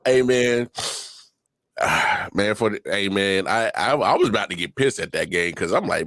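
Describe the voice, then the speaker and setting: A slangy man in casual sports banter who laughs a lot, his voice gravelly and full of lively swings in pitch. The sound is close and dry. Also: normal speed, dry recording. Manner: laughs often, slangy, calls people "fam" and "dog". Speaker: sports podcast co-host.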